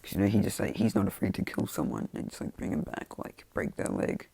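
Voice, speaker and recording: Casual storyteller, man, low and gravelly, rambling with endless fillers. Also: very animated, a little fast, dark tone, no room sound. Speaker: fan storyteller.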